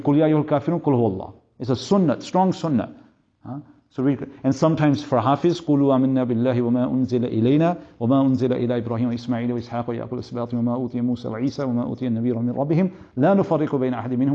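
A man giving a religious lesson who repeats himself earnestly and breaks into rapid Arabic recitation. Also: medium pitch, dark tone, dull audio. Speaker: religious teacher. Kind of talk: Islamic teaching lesson.

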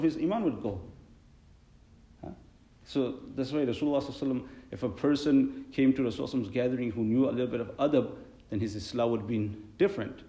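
A man's voice: medium pitch, warm tone, echoey room. A man giving a sermon as an imam, telling stories earnestly and animatedly, mixing in Arabic phrases.

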